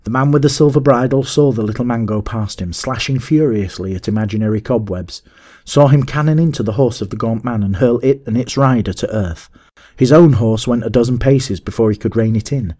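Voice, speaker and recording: A man narrating a classic adventure story in a measured, steady audiobook reading. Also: mid-range voice.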